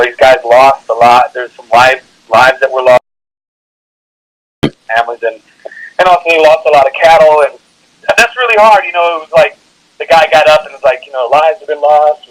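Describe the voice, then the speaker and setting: Energetic comedian with a bright, forceful voice. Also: male voice, medium pitch, low-quality recording. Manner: energetic, laughs through his stories. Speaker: comedian guest. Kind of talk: animated storytelling.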